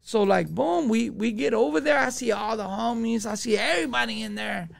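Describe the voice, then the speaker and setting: A man's voice: very high-pitched, brisk, vocal fry. A man, telling a story as a podcast guest in profane street slang. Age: 20s. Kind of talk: casual storytelling.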